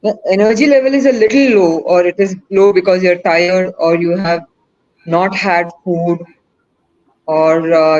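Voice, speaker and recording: A woman's voice: mid-range voice, darkish tone. Encouraging woman, lo-fi call. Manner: asks the audience questions, coaxing and encouraging. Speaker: webinar presenter. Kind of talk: interactive online teaching talk.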